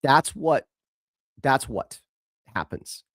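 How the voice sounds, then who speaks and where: A man's voice: medium pitch, animated, slow pace, a bit bright, no room sound, studio quality. A male host giving emphatic, scornful commentary on a video clip, repeating himself for stress.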